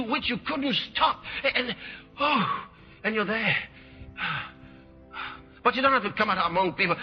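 A man preaching a sermon, shouting and repeating his exhortations. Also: extremely high pitch, big-room sound. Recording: dull lo-fi sermon recording.

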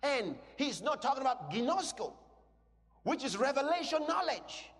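A man preaching a sermon to a congregation, speaking emphatically and breaking into shouted declarations. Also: very high-pitched, big pitch swings, normal speed. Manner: asks the congregation questions. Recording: long reverb in a large hall.

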